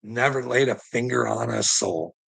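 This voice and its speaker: A man's voice: medium pitch, normal speed, creaky, fairly bright tone, husky, no echo, rough recording. A man livestreaming, talking straight to his chat in a rambling, profane, preachy monologue, chuckling now and then.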